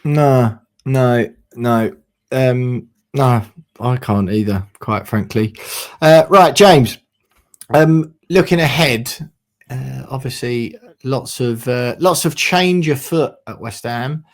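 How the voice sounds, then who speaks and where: A man's voice: medium pitch, takes it slowly. A man hosting a casual football podcast, chatty and easygoing, who laughs often. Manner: chatty, laughs easily, says mate. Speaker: podcast host.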